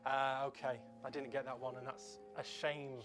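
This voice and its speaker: A man's voice: medium pitch, little pitch movement, normal speed. A man hosts a fundraiser quiz on a livestream, reading out answers in a loose, chatty way with plenty of ums. Faint music sits underneath his voice. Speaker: fundraiser stream host. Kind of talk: casual quiz hosting on a livestream.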